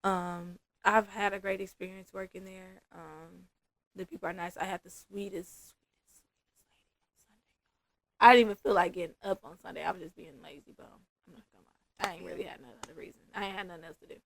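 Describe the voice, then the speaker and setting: A woman's voice: on the low side, steady tone, brisk, gravelly, fairly bright tone. A woman, a massage therapist guest chatting casually on a podcast and acting out her clients' lines.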